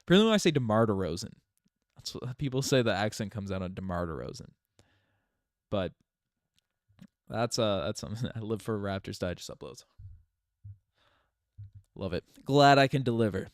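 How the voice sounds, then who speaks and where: A man's voice: fairly low pitch, normal speed, long pauses, no room sound, clean studio sound. A young man from Newfoundland with a light Newfoundland accent, hosting a rambling, chatty live stream with many restarts and laughs. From Newfoundland, Canada. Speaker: channel host. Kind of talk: casual live stream chat.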